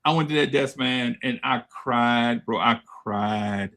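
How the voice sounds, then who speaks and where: Animated, bright-voiced male storyteller. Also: medium pitch, slow. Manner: animated, laughing storyteller who acts out voices. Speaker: podcast co-host. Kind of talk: casual storytelling chat.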